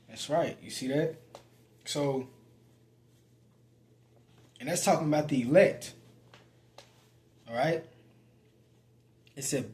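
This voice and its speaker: Slow halting preacher man. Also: a little high, lively intonation, a little mellow. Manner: slow, halting, many fillers and repeated words; reads scripture aloud and comments in casual speech. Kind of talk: sermon with scripture reading.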